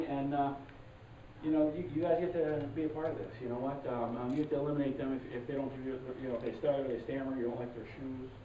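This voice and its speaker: A member of an improv troupe warming up a live audience, talking haltingly with many fillers and restarts and loudly calling out cues to the crowd. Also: mid-range voice, a little hiss or hum. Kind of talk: live audience warm-up talk. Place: live show venue. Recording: distant, roomy, muffled live recording. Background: audience ambience.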